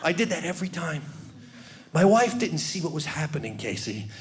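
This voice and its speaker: Lively high-voiced New comedian. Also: male voice, moderate pace. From New York. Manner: animated, with shouted bits. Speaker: stand-up comedian. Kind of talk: stand-up comedy routine.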